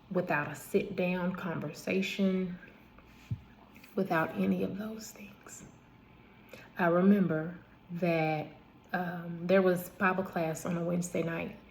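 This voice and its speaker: Woman, low-pitched, gravelly voice, casual personal storytelling, emphatic repetition, self-corrections. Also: darkish tone, a little hiss or hum. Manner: repetitive, emphatic retelling with asides and restarts. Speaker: vlogger telling her own life story.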